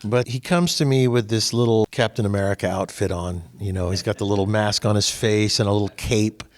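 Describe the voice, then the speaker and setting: An older man, the host, chatting casually and telling animated stories that grow louder and higher as he gets going. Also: brisk. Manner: animated storyteller, voice rising as he tells stories. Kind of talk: casual chat.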